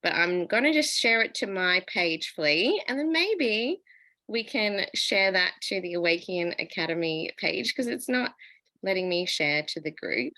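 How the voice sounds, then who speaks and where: A woman's voice: mid-range voice, animated, measured pace, bright, forceful tone, no room sound, poor audio. An Australian woman hosting a video-call chat show, chatty and encouraging, with frequent affirmations. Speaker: show host. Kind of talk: casual chat.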